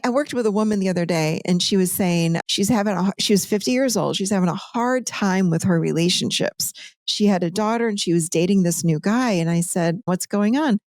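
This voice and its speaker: Animated woman telling stories. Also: medium pitch, a little fast, no room sound, clean studio sound. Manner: animated, lively storytelling. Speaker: podcast guest, author. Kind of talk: conversational teaching.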